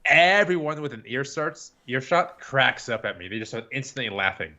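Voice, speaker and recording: A man's voice: mid-range voice, normal speed, muffled recording. A man co-hosting a podcast, telling stories in casual chat and often stumbling over repeated words as he starts. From United States. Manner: animated storyteller, repeats words when starting. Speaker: podcast co-host.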